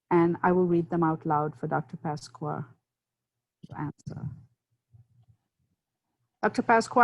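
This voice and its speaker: A woman's voice: on the low side, darkish tone, dry recording, poor audio. A woman moderating a webinar, polite and formal, over a video call.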